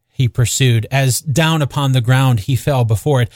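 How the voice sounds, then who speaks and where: A man narrating a classic novel as an audiobook, with expressive, measured storytelling. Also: medium pitch, no echo, studio quality.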